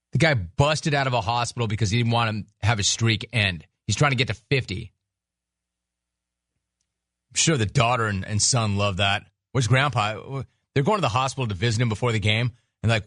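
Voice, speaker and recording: A man hosts a sports talk radio show, riffing sarcastically and mocking his subjects at a quick clip. His pitch sits in the middle of the range. The sound is dry and close to the mic. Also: a bit bright, no echo. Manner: sarcastic, mocking, rapid riffs.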